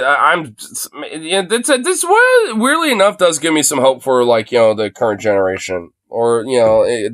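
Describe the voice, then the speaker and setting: Young guy swearing his head off while reacting to a clip, slightly high voice, dead dry sound. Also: fairly bright tone, dry recording. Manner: profane, loose, many fillers. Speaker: streamer reacting to a video. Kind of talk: casual ranting commentary. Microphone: phone.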